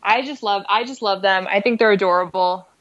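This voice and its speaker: A woman's voice: medium pitch, brisk, a bit bright. A woman guest on a casual podcast, thinking aloud in long rambling turns full of "like" and "um". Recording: dull lo-fi audio.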